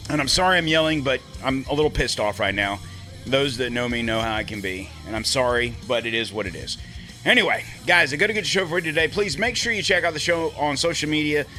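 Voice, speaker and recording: A man with a bright, forceful voice hosts his own podcast alone, rambling and swearing freely as he talks. He sounds like he is in a small home studio, with faint music somewhere behind him. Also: medium pitch, lively intonation, brisk. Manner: profane, rambling, off-the-cuff. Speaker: podcast host. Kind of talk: solo podcast monologue.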